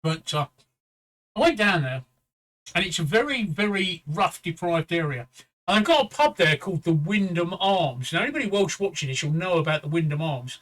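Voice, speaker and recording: Middle-aged English host, high and bright, rambling anecdotal storyteller. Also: male voice, very animated, normal speed, low-quality recording. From England. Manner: swearing, repeats "right?" as a tag; quotes others in a raised voice. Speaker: show host. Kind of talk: casual storytelling chat.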